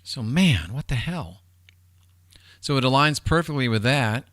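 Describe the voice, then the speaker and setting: A man's voice: medium pitch, lively intonation, unhurried, a bit bright, dry recording, clean studio sound. A man hosting a livestream, rambling casually and with profanity as he talks straight to his chat viewers. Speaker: livestream host.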